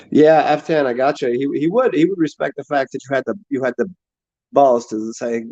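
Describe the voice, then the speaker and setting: A man talks loosely to his audience, circling back and repeating himself as he feels for the words. His voice sits at an ordinary pitch. The recording sounds slightly dull and lo-fi. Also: dark tone. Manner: halting, repeats words and restarts, laughs and swears. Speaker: streamer answering chat. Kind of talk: casual rambling chat.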